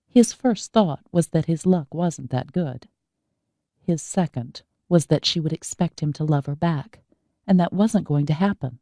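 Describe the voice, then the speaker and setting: A woman reads an audiobook in an even, measured way, her voice very low and mellow. She takes her time, and the recording is dry and close. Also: no room sound. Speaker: audiobook narrator. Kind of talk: scripted audiobook narration.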